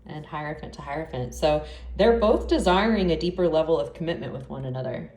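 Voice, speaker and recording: A lower-pitched woman talks through a tarot spread in a loose, chatty way, exclaiming as cards turn up. She sits back from the mic, so her voice sounds roomy and distant, with a faint hiss behind it. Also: brisk, a little mellow. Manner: chatty and exclamatory, with many fillers. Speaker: tarot reader. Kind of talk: casual tarot reading. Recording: echoey room, distant mic, faint noise.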